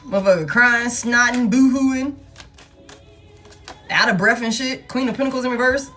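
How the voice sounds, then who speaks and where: A woman's voice: on the high side, moderate pace, faint music behind. A woman giving a casual tarot reading, talking bluntly with lots of swearing and frequent laughter. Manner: blunt, profane, animated, laughs often. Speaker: tarot reader.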